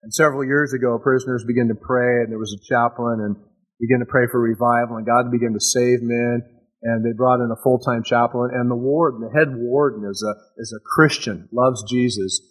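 A man's voice: medium pitch, steady tone, fairly quick, breathy edge, low-quality recording. A man preaching a sermon in an enthusiastic, conversational way, often restarting his phrases.

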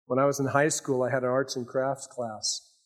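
An older man preaching a sermon as pastor, swinging between raised emphasis and hushed asides. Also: mid-range voice, level tone, normal speed.

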